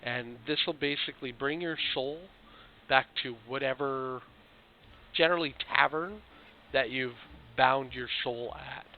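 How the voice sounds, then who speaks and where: Slightly hoarse man narrating gameplay. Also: mid-range voice, measured pace. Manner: loose, explanatory, talks to viewers directly. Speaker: video game walkthrough host. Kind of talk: casual gameplay walkthrough commentary. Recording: tinny phone-like mic with faint hiss.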